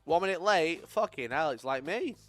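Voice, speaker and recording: A man's voice: on the high side, animated, normal speed, faint music behind. A young man from Sheffield, chatting casually to his live-stream audience, swearing freely and laughing often. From Sheffield, England. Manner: sweary, laughs often, swings loud and quiet.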